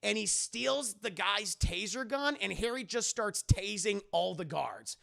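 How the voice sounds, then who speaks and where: A man's voice: high voice, lively intonation, a little slow, gravelly, bright, forceful tone. A man giving a sarcastic, profane spoiler recap of a film to his stream chat, acting out the characters' lines as he goes. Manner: sarcastic, profane, acts out quotes; addresses chat directly. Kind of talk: casual spoiler review recap.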